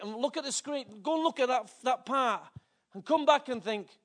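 Male pastor with a very high voice, preaching an emotional, fervent sermon. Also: normal speed. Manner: fervent, emotional, with big swings in pitch and loudness.

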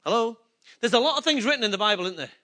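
A man's voice: extremely high pitch, expressive, very fast, pushed and bright. A man preaching a sermon, emphatic and repetitive, asking the congregation rhetorical questions. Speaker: pastor.

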